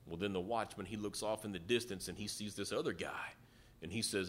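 A man's voice: lowish voice, fairly even intonation, fairly quick, fairly bright tone. A man preaching a sermon, retelling a story in a folksy way and acting out the quotes. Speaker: pastor.

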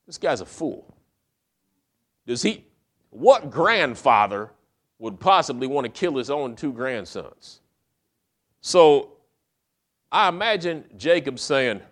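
A man's voice: medium pitch, big pitch swings, slow, long pauses, a bit bright. A middle-aged male preacher retelling a story in a casual, conversational way, acting out the characters' lines. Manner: casual retelling with acted-out quotes. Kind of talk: storytelling sermon.

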